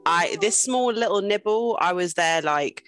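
A young adult woman, a guest in a casual interview, talking in a lively way and laughing often. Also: mid-range voice, unhurried, soft background music.

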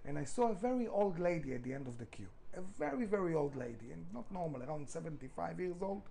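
A man's voice: a little high, lively intonation, quick pace, creaky, mellow, poor audio. A middle-aged man, a restaurant founder, telling his story in a podcast interview, emphatic, swearing freely, with non-native grammar.

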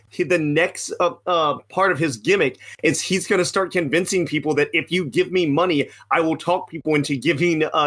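A man co-hosts a casual wrestling podcast in a fairly high voice. He talks in an animated, joking way and keeps the chat loose. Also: slightly rough. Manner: animated, jokey, slips into silly put-on voices. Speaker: podcast co-host.

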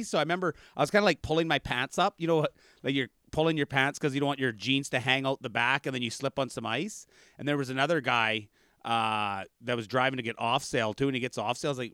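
A man's voice: mid-range voice, a bit bright, no echo, clean studio sound. A man who is a comedian, telling rambling stories in casual chat and laughing through them, on a video call. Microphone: remote video call.

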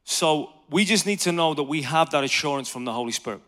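Guy preaching casual-style, bright kinda high voice, tells stories, keeps asking the crowd stuff. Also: fairly quick. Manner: lively storyteller, asks the audience questions. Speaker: preacher teaching on evangelism. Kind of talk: conversational sermon talk.

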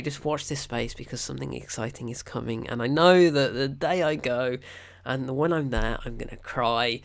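A man's voice: medium pitch, animated, moderate pace, vocal fry. A man, gushing and rambling in a casual film review. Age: 20s.

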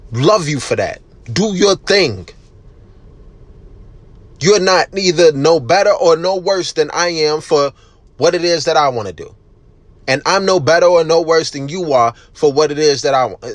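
A man hosting a casual solo podcast, ranting bluntly with heavy cursing, emphatic and loud at times. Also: mid-range voice. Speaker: podcast host.

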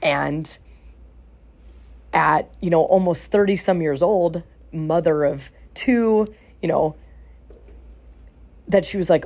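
A woman's voice: low voice, slow pace, vocal fry, pauses often, a little mellow. A woman life coach and podcast host telling a client story in a casual, earnest way. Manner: earnest, retells conversations with acted quotes.

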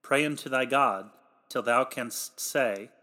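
A man delivering a read sermon in old-fashioned, formal pulpit language, emphatic and growing louder on the exhortations. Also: mid-range voice, slow. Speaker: preacher.

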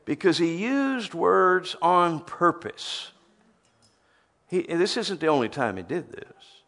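A man's voice: on the high side, expressive, slow, creaky, a bit bright. A man preaching a sermon, reading scripture aloud and teasing the crowd with rhetorical questions.

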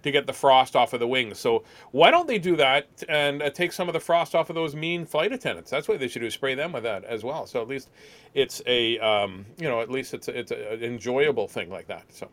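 A male comedian guest on a podcast, rambling through deadpan jokes and stories. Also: mid-range voice, fairly quick.

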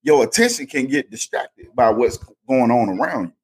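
A man's voice: medium pitch, lively intonation, moderate pace, slightly rough. A man co-hosting a faith podcast, talking in an emphatic, preachy storytelling way. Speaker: podcast co-host. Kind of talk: casual faith podcast chat.

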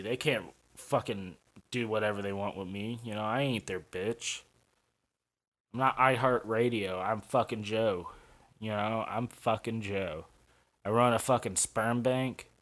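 Ranting, crude St. podcaster. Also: male voice, fairly low pitch, a bit bright. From St. Louis, USA. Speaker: podcast host. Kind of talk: profane podcast monologue.

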